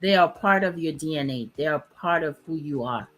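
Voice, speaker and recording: A woman's voice: sits low, lively intonation, moderate pace, a bit bright, faint music behind, rough recording. A woman in her fifties from Dominica, speaking, hosting a reflective casual chat in short, emphatic phrases. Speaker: host.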